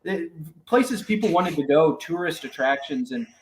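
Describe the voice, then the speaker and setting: A man hosting a casual podcast, talking in a measured, reflective way with some fillers. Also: on the high side, expressive, a little hiss or hum. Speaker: podcast host, MMA reporter.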